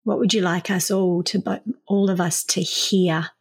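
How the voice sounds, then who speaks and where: A woman hosting a podcast interview, gentle and apologetic in her questions, with faint music behind her. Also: on the low side, steady tone, moderate pace, breathy edge. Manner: gentle and apologetic, thanks warmly. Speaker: podcast host.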